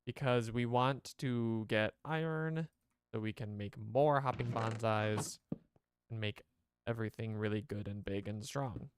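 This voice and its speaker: A man's voice: on the low side, unhurried, a little hiss or hum. A man streaming a game, chatting casually to his viewers and rambling as he plays. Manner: rambling, chatty, talks to chat.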